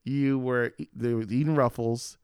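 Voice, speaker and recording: A man's voice: medium pitch, fairly even intonation, unhurried, clean tone, no room sound, clean studio sound. A man co-hosting a podcast in casual chat, joking around and laughing often. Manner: jokey, bursts into loud put-on voices and laughter. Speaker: podcast co-host.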